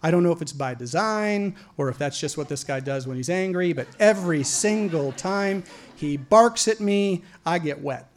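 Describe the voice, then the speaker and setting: A man from Idaho telling a personal story to an audience, animated and profane, often stumbling into repeated words. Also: on the high side, moderate pace. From Idaho, USA.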